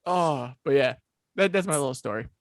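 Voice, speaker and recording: A man chatting casually on a podcast, chiming in with quick remarks. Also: medium pitch, lively intonation, dry recording, studio quality. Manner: quick interjections. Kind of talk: casual chat.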